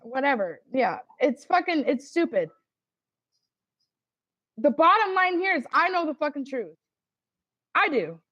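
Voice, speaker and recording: A high-voiced woman rants defensively and swears at every turn, sounding exasperated. Her voice comes through a dry, slightly dull voice-chat mic with no room sound. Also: big pitch swings, measured pace, long pauses, sharp tone, no echo. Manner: defensive, profane, exasperated ranting. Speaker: livestream participant. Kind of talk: heated casual argument.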